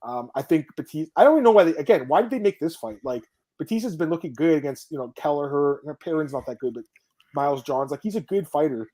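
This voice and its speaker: A man hosting a podcast in casual sports chat, excitable, swearing now and then and reading out viewer comments. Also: fairly high pitch, fast. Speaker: podcast host.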